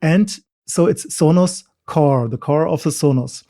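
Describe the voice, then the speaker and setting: A man as a podcast guest in casual chat, telling stories in a halting way, with many pauses and a ready laugh. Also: fairly high pitch, warm tone. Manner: halting, many fillers and restarts, laughing easily.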